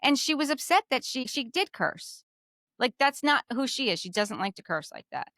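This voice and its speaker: A woman's voice: high voice, sing-song, moderate pace, fairly bright tone, dry recording. Chatty New Jersey woman, dry close sound. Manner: chatty, repeats herself, opinionated. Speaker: podcast co-host. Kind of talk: casual chat recapping a reality show.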